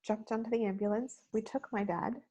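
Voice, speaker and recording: Expressive woman telling a story. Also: on the high side, fairly quick, poor audio. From Canada. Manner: animated, acts out quoted lines, drops to soft tones in sad moments. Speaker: webinar speaker. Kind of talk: storytelling keynote talk. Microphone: webinar video call mic.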